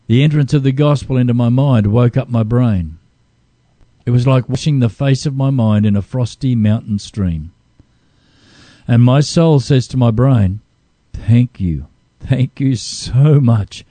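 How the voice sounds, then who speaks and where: Earnest man reading aloud, mellow voice. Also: mid-range voice, normal speed, dry recording. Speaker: co-host.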